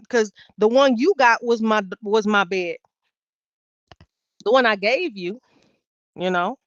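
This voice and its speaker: A woman with a fairly high voice tells a personal story in loose, casual talk. She swears freely and keeps jumping between loud, worked-up bursts and low, muttered asides. The recording is dry and a little dull. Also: slow pace, dry recording. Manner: profane, animated, swings loud then quiet. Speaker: podcast guest.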